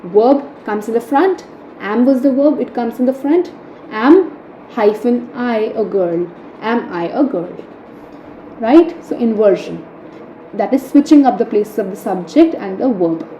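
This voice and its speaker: A woman's voice: on the high side, expressive, a little slow, dark tone. A young woman teaching French grammar, explaining step by step and checking in with "right?" after key points. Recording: echoey room, faint hum.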